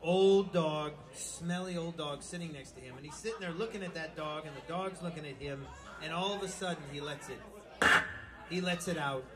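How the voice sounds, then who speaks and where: A man's voice: fairly high pitch, moderate pace. A man telling crude jokes in a rambling live stand-up set. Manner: rambling, crude, loose storytelling. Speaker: stand-up comedian. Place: small live venue with music. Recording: live club recording with crowd and music. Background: music and audience noise.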